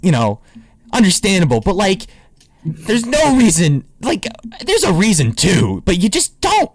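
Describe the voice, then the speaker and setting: A man's voice: high voice, huge pitch swings, a little slow, a little hiss or hum. A young man co-hosting a casual podcast, laughing often and retelling comedy bits with energy. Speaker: podcast co-host. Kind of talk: casual chat.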